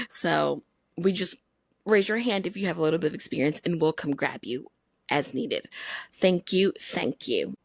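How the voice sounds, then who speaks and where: A woman's voice: fairly low pitch, dry recording, clean studio sound, close to an everyday voice. A woman voicing a careless, uncaring flight attendant who reads out cabin announcements in a mock-formal way and keeps switching accents. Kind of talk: comedic role-play bit.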